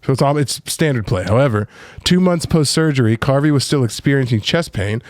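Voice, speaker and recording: A man's voice: medium pitch, animated, brisk, dry recording, studio quality. A man co-hosting a podcast, rambling through crude casual banter and laughing often. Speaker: podcast co-host.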